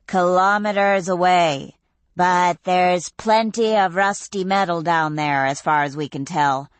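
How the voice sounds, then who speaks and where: A woman's voice: on the low side, measured pace, smooth, no room sound, natural voice. Reckless teen leader, woman narrator; confident, commanding. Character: bold teenage girl, reckless leader.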